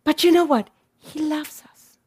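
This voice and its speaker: High-voiced, unhurried woman preacher. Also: a little mellow. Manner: emphatic, repeating words for stress. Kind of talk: sermon.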